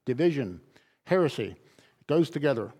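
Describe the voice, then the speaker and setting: A man's voice: medium pitch, sing-song, moderate pace, mellow, husky. A man pastor delivering a sermon, driving points home with emphatic, repeated phrases. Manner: emphatic, repetitive preaching cadence.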